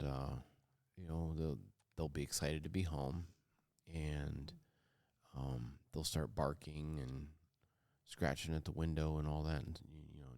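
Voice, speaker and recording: A middle-aged man telling a personal story on a podcast, halting and earnest, with many fillers and restarts. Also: very deep voice, darkish tone, no echo, studio quality. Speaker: podcast co-host.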